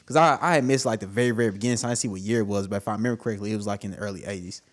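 A man co-hosting a podcast, talking in a relaxed, rambling way with plenty of filler words. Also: lowish voice, racing. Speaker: podcast co-host. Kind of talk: casual chat.

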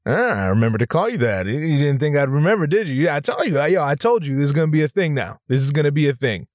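A man's voice: fairly high pitch, sing-song, fast talker, no room sound. A very tired man hosting a podcast, talking casually with swearing, restarts and rambling asides, recorded in a studio on a microphone. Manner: profane, rambling, many restarts. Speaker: podcast host.

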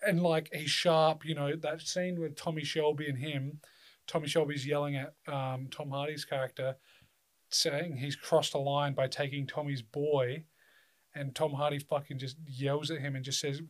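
A man's voice: a little high, flat delivery, moderate pace. A man in casual chat, blunt and opinionated about films, swearing often. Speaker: podcast co-host.

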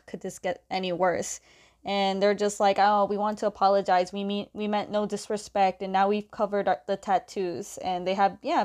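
Woman, mid-pitched, chatty casual story recap, quotes characters offhand, laughs often. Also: darkish tone. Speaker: comic book recapper.

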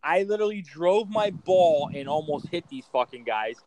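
A man recounting a golf outing in casual chat, animated and profane. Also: on the high side, normal speed, noisy background. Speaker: podcast co-host.

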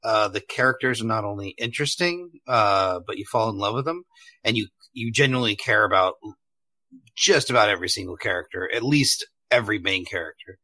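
A man co-hosting a casual podcast, giving his relaxed opinions on an anime with a few restarts and filler words. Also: fairly low pitch, brisk. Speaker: podcast co-host. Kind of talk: casual review chat.

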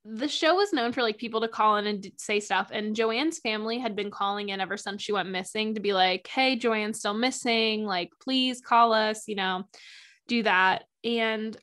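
A woman co-hosting a true-crime podcast, retelling a cold case in casual chat with a sarcastic, animated edge. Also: mid-range voice, normal speed. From Ohio. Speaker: podcast co-host.

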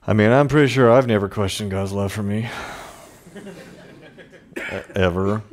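Guy with a real low voice giving a laid-back sermon, chatty asides. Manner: informal, chatty asides with chuckles. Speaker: pastor. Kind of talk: conversational sermon.

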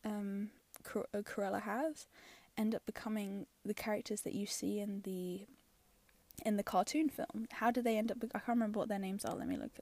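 Chatty woman with a gravelly edge. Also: medium pitch, level tone, normal speed, darkish tone. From London. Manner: chatty and opinionated, many fillers, drops into whispery asides. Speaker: film reviewer. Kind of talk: casual spoken film review.

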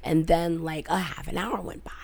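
A young woman telling a story on a casual podcast, animated, dropping into whispers when she quotes herself. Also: sits low, normal speed, gravelly, slight background noise. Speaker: podcast co-host.

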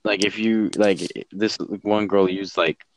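A man's voice: on the low side, fairly even intonation, measured pace. A young adult man chatting casually, hesitant and full of fillers. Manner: hesitant, many fillers and restarts. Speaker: streamer. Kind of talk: casual chat.

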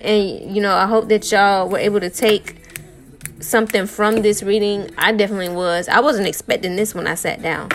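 A woman's voice: medium pitch, steady tone, normal speed. A woman tarot reader giving a casual, encouraging pep talk to her viewers, talking loosely with lots of "y'all" and "man" and repeated phrases. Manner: conversational, repeats herself, uses "y'all" and "man".

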